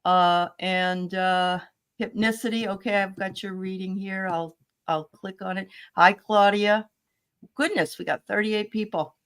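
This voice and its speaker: A woman's voice: mid-range voice, fairly even intonation, measured pace, fairly bright tone, smooth. A woman hosting a casual livestream and chatting with her viewers, with lots of fillers as she goes. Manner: greets viewers by name, chatty, many fillers. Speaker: host.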